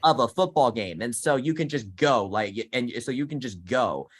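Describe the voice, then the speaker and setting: Brief: early-20s male co-host, mid pitch, halting and filler-heavy. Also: animated, a bit bright. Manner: hesitant, many restarts and fillers. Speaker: podcast co-host, college student. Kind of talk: casual sports chat.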